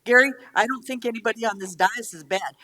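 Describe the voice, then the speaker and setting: A woman's voice: on the high side, brisk, pushed and bright. A middle-aged woman speaks at a county board meeting in a blunt, angry rush. She swears freely and argues back hard, emotional and straight to the point. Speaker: county commissioner. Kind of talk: heated speech at a public meeting.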